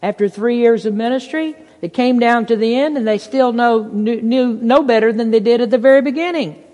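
A mid-pitched preacher delivers a sermon, reading scripture in old-fashioned wording. The voice climbs higher to stress key points. It rings out with a long reverb in a church sanctuary. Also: fairly quick, a little mellow. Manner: reads scripture in King James wording, rises in pitch for emphasis. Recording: long reverb in a large hall.

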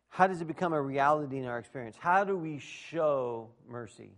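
Gravelly-voiced man preaching a sermon. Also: on the high side, expressive, moderate pace, hardly any pauses. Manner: conversational, folksy, with rhetorical questions. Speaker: pastor.

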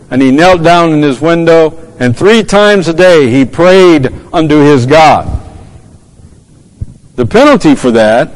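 A man's voice: medium pitch, a little mellow. Male preacher, mid-range voice, fervent sermon with scripture quotes, long hall echo. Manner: fervent, repeats words, quotes scripture in old English.

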